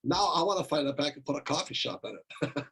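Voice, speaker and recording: Husky voice, older man, storytelling, casual interview guest. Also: on the high side, fairly quick, a bit bright, low-quality recording. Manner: storytelling, repeats words when starting. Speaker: guest author.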